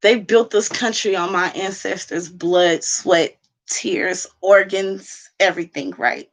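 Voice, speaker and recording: A woman's voice: medium pitch, fairly even intonation, slow. A woman talking candidly and at length to her viewers from home, rambling and heartfelt. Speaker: vlogger. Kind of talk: casual monologue to viewers. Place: at home indoors.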